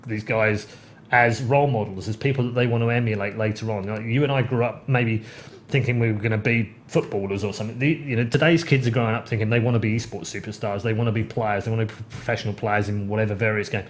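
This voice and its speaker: A man in casual podcast chat, telling stories with lively swings of pitch when he gets excited. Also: fast, a little hiss or hum. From United Kingdom. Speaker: podcast host.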